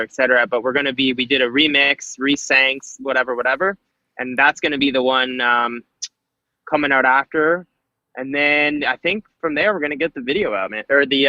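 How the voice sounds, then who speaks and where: Male musician guest, laid-back rambler, bright forward tone, slightly lo-fi dry audio. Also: medium pitch, no room sound. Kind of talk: casual podcast chat.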